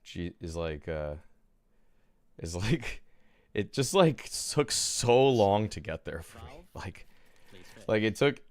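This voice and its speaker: A man streaming, talking casually and haltingly, often restarting his sentences. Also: lowish voice, very animated, darkish tone.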